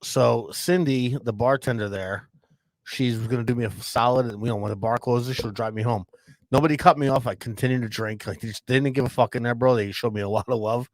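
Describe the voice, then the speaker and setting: A man's voice: mid-range voice, brisk, no room sound. A man co-hosting a podcast, telling a rambling story full of swearing and constant "bro". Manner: profane, says "bro" constantly. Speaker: podcast co-host. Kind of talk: casual storytelling.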